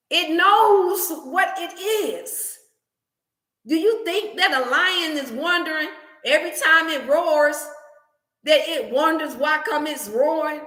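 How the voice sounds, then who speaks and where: A woman hosting a motivational wellness livestream, preaching in an animated, scripture-laced way. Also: extremely high pitch, moderate pace, reverberant. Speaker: wellness channel host.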